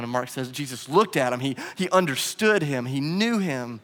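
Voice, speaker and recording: A man preaching a sermon as pastor, animated in his storytelling and acting out the quotes. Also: mid-range voice, a little fast, in a large hall.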